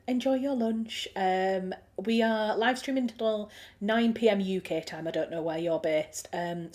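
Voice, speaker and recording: A woman's voice: medium pitch, a little mellow. Chatty Yorkshire woman hosting a livestream. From Yorkshire, England. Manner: chatty, friendly, thinks aloud with many ums and restarts. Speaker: livestream host. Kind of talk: casual chat reading viewer comments.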